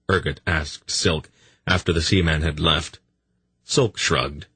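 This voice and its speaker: A man narrating a fantasy audiobook in a steady, even storytelling manner. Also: extremely low pitch, slow, husky, no room sound.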